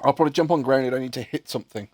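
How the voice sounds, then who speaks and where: A man's voice: medium pitch, rapid-fire, no echo, clean studio sound. A man streaming a game, chatting in a rambling way and swearing casually while he has the hiccups. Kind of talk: casual livestream chat while gaming.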